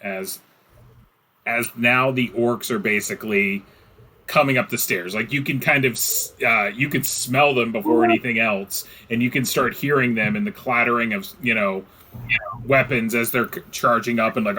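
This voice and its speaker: A man narrating a tabletop game as game master, chatty and relaxed, with lots of fillers. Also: medium pitch, moderate pace, slight background noise, poor audio.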